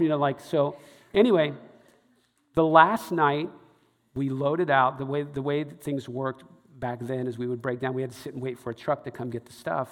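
A man's voice: medium pitch, steady tone, normal speed, long reverb tail. A man, a stage show producer, telling a rambling live anecdote to a crowd with many fillers and restarts.

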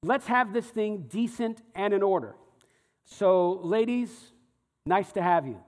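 A man's voice: high-pitched, lively intonation, measured pace. A male pastor teaching a sermon, reading scripture aloud and explaining it conversationally. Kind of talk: sermon teaching through a Bible passage. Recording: long hall reverb.

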